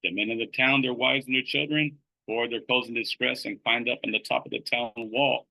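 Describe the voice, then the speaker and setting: A man's voice: medium pitch, fairly even intonation, brisk, vocal fry, pushed and bright, rough recording. Guy teaching scripture, casual chatty delivery, reads passages then riffs on them, medium voice. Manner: conversational, many fillers and "right?" tag questions. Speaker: Bible study teacher. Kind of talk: informal scripture teaching with reading aloud.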